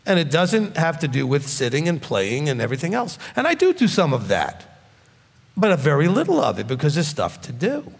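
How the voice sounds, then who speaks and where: A man's voice: fairly high pitch, huge pitch swings, a little fast, creaky, big-room sound. A man in his fifties preaching a sermon in a blunt, emphatic, scolding manner. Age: 50s.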